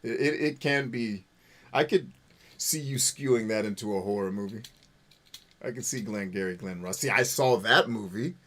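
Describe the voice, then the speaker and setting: A man's voice: fairly low pitch, moderate pace, fairly bright tone, a little hiss or hum. A man hosting a live game stream, chatting with viewers in a profane, joking, self-mocking way. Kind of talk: live gameplay commentary reading chat.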